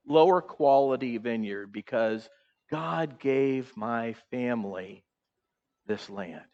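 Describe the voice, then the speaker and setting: A male pastor preaching a sermon, animated, acting out the characters' voices and putting questions to the congregation in a church. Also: mid-range voice, muffled recording. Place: church sanctuary.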